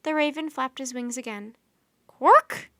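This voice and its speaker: A woman reads a children's storybook aloud in an expressive manner. Her voice is slightly high, and the recording is dry and close, with no room sound. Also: moderate pace, no echo. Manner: expressive, performing character voices.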